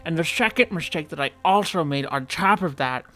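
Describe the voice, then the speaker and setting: A man's voice: fairly high pitch, expressive, brisk, bright, forceful tone, soft background music. Exasperated man ranting over a game playthrough. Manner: exasperated, ranting, talks to himself. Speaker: gaming channel host. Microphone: desk microphone.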